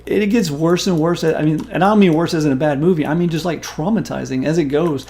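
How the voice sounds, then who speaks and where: A man in his forties, a stream host, telling a story in casual chat in an animated, profane and emphatic way. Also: on the high side, fast talker.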